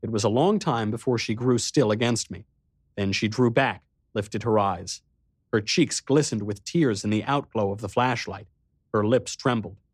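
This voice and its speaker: A man narrating an audiobook in the first person, steady and measured. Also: on the low side, breathy edge, no echo, clean studio sound.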